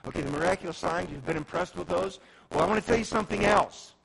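A man preaching who speaks as a divine teacher declaring his authority, loud and emphatic, with a gravelly voice. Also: sits high, quick pace, heavily acted, low-quality recording.

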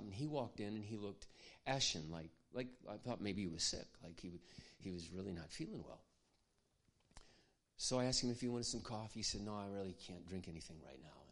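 A man preaching, telling a personal story in an earnest, confiding way that often drops to a hush. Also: on the low side, fairly quick. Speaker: pastor. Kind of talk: sermon storytelling.

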